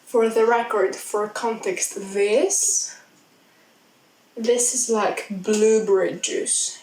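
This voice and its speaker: A young woman chatting excitedly in a rambling film review vlog. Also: a little high, slow pace. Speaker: vlogger. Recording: echoey sound, mic at a distance.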